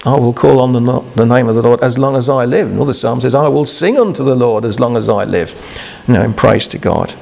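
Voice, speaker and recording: A man gives a homely, unscripted sermon with a gravelly edge to his voice. He talks in a halting, conversational way, restarting phrases and checking in with rhetorical questions. His pitch sits in the everyday middle range for a man. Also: a little mellow. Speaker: preacher. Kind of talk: informal devotional sermon.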